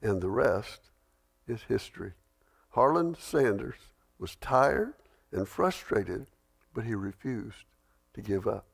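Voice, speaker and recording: A man's voice: on the low side, very animated, slow, gravelly, long pauses, husky. Folksy man teaching a Bible study. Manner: folksy storytelling, reads scripture aloud. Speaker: pastor.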